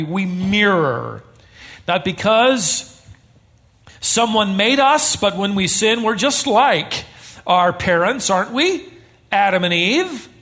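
A man preaching a sermon to a church congregation, telling stories with humor. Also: sits high. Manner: animated storytelling with humor. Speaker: pastor.

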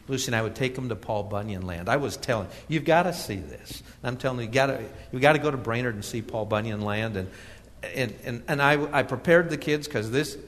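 A man's voice: medium pitch, in a large hall. A middle-aged male pastor preaching a sermon, telling a personal story with laughs and restarts before reading scripture. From Minnesota.

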